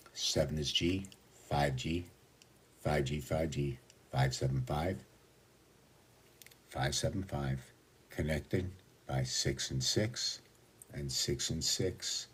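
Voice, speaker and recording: A man with an extremely deep, husky voice rambles through a number pattern. He talks slowly, restarts often and counts out sequences aloud. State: out of breath at times. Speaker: vlogger explaining a number pattern. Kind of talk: rambling explanation to camera.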